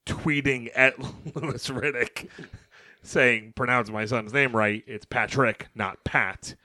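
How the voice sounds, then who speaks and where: A young man co-hosting a sports podcast, animated and talking over his co-host as he recaps games. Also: medium pitch, no echo. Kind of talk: casual sports chat.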